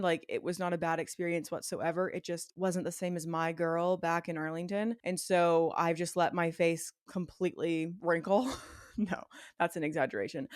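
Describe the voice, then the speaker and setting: A young woman from Virginia, talking candidly on her own podcast, chatty and emotional, swinging between excitement and tears. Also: lowish voice, dry recording, clean studio sound. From Virginia, USA. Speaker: podcast host. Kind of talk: solo stream-of-consciousness podcast chat.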